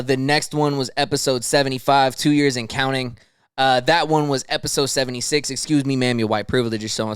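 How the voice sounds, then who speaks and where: A man's voice: medium pitch, a bit bright, clean tone, no room sound, clean studio sound. A young man hosting a podcast, ranting about the news in heated, slangy, profane casual talk. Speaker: podcast host. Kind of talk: casual news commentary rant.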